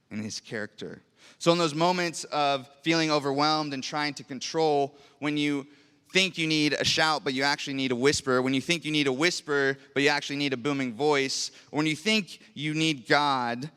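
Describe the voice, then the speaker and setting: Earnest preaching man, bright clear voice. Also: medium pitch. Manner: earnest, rhetorical questions, personal anecdotes. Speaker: pastor. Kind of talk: sermon. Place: church sanctuary. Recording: long reverb of a large hall.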